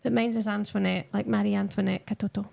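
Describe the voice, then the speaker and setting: A woman's voice: mid-range voice, level tone, fast, creaky, darkish tone. A young woman chatting casually with her viewers on a live stream while she watches a football match and answers their comments.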